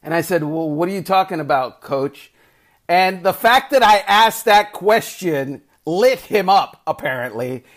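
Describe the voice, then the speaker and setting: Podcast host, male, lively anecdote teller, slightly high pitch. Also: unhurried. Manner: animated anecdote-telling, acts out quoted voices. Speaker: sports reporter and podcast host. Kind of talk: casual storytelling.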